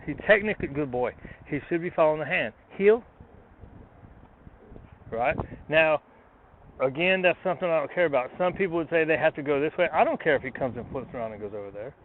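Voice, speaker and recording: A man training his dog outdoors, talking himself through it in a relaxed way between short commands to the dog. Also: a little high, a little fast, long pauses. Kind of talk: casual training explanation. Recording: tinny phone-like, noisy outdoors.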